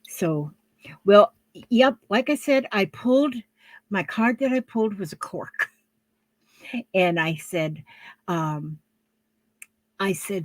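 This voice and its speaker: A woman's voice: mid-range voice, takes it slowly, pauses often, no room sound. An older woman talking casually to camera at home while she shows her handmade crafts, rambling and homey, with lots of fillers and restarts.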